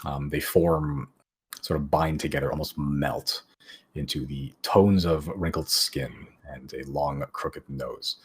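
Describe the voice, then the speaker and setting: A man narrating as game master of a tabletop game, describing scenes haltingly with many fillers. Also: rumbling low, fairly even intonation, husky.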